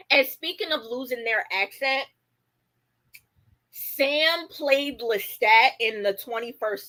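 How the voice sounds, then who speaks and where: A woman's voice: on the high side, sharp tone, low-quality recording. A woman hosting a casual livestream, chatting with lots of fillers and reading viewer comments aloud. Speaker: livestream host.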